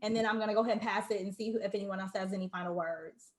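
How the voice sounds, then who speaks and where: A woman's voice: medium pitch, steady tone, very fast, echoey room. A woman hosting an online launch party over a video call, effusive and emotional, greeting viewers by name.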